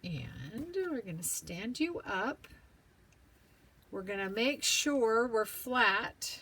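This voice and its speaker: A woman hosting a paper-craft tutorial, chatting to herself as she works, sometimes whispering, her voice going hoarse. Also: medium pitch, sing-song, sharp tone, a little hiss or hum. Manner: slow, chatty, talks to herself while working, drops to whispers. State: losing her voice, clearing throat.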